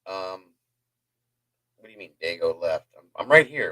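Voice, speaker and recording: Male livestream host, lowish voice, dry close sound; hyper, rambling storyteller who keeps chatting to viewers. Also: animated, normal speed, bright, forceful tone, no echo, poor audio. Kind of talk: casual storytelling to a live chat.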